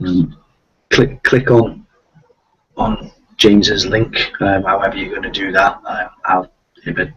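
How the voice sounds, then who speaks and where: Hosting a relaxed live-stream chat, this Liverpool-accented man (the accent is light) speaks in a deep, gravelly voice at a measured pace, pausing often and rambling through fillers and false starts. Crowd noise sits behind him, and the lo-fi stream sound is muffled and far off.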